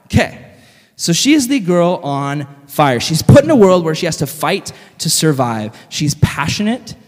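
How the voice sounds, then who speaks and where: A man preaching a sermon to a group, energetic and joking, who keeps quizzing his listeners with questions. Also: fairly high pitch, long reverb tail. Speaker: youth speaker.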